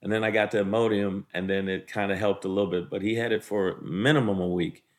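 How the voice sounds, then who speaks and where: A man's voice: lowish voice, fast. Man telling funny parenting stories. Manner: animated, acts out voices in his stories. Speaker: guest comedian. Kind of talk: casual storytelling.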